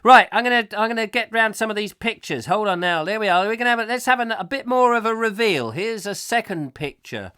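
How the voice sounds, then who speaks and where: A middle-aged man hosts a live comic chat show, rambling cheerfully through viewer comments. His voice is bright and ringing, pitched a little higher than most men's, and it keeps swooping into silly put-on voices. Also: lively intonation, brisk, few pauses, clear, resonant tone.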